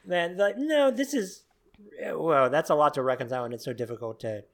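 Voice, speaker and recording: A podcast host chats easily with a guest, laughing along and tossing in playful mock quotes. The voice sits at a middle pitch. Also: expressive, fairly quick. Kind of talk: casual chat.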